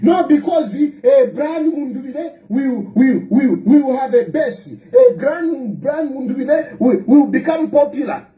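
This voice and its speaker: A woman hosts a fiery political commentary vlog. Her voice sits very high and leaps up and down, and she piles on scornful rhetorical questions at speed. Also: expressive, measured pace, hardly any pauses, dark tone, lo-fi sound. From Zambia.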